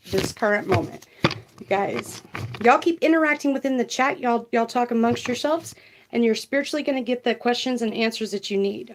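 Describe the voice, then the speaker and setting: A woman's voice: on the high side, background noise. A woman, doing a casual tarot livestream, chatty and laughing as she reads viewer comments aloud.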